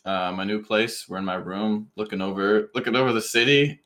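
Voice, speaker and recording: A man's voice: lowish voice, brisk, a bit bright. A young man co-hosting a casual podcast from his bedroom, laid-back and joking. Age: young adult. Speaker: podcast co-host. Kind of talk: casual chat. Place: his bedroom in a city apartment.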